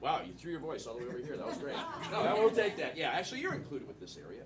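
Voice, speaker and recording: A man's voice: on the high side, huge pitch swings, rapid-fire, over a noisy crowd. A man hosting an improv comedy game on stage, announcing rules with playful emphasis. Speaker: improv show host. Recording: distant mic, loud audience.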